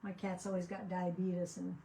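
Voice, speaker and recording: A woman's voice: fairly low pitch, monotone, moderate pace, creaky, warm tone, a little hiss or hum, poor audio. An older woman chatting casually as she crafts at home, rambling and often trailing off mid-sentence. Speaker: crafting channel host. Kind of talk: casual chat while crafting.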